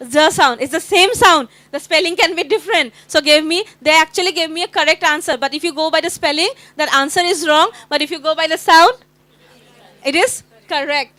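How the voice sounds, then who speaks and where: A woman with an Indian accent running a phonics workshop for teachers, sounding out letters slowly and repeatedly as she quizzes the group. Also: sits high, pushed and bright, no room sound. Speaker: teacher trainer.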